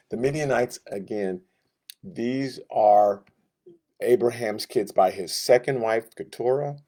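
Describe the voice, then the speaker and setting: A man's voice: mid-range voice, slow, darkish tone. A man teaching a Sunday school Bible lesson, telling the story in a casual, joking way and acting out what the characters say in different voices.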